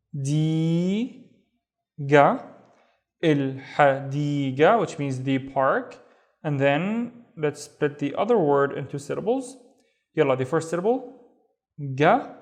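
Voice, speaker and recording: Slow, patient teacher, man. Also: fairly high pitch. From Saudi Arabia. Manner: patient, repeats each syllable slowly. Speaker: Arabic teacher. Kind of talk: step-by-step reading lesson.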